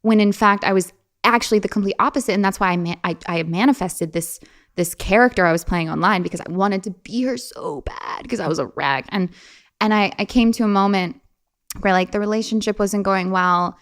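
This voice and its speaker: A woman's voice: mid-range voice, a little fast, fairly bright tone. Chatty young woman telling a story. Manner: chatty, many "like" fillers and restarts, laughs often. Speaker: podcast guest. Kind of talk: casual personal storytelling.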